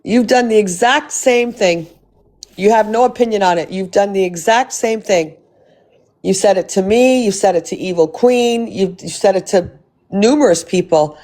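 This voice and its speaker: A woman's voice: mid-range voice, moderate pace, a little mellow. Blunt woman hosting a livestream. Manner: blunt, argumentative. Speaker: livestream host. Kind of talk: livestream chat and argument.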